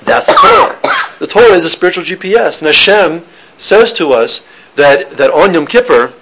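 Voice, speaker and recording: A man's voice: sits high, huge pitch swings, moderate pace, bright, forceful tone, slight background noise, low-quality recording. A man giving an informal Torah lesson, talking conversationally with restarts and joking with listeners. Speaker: teacher giving a Torah class.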